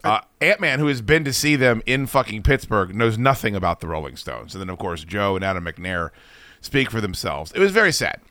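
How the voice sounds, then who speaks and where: A man's voice: fairly low pitch, brisk, no echo. A man hosting a talk show, chatting casually and venting with a lot of swearing. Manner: profane, animated venting. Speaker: radio show host. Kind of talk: casual chat and ranting.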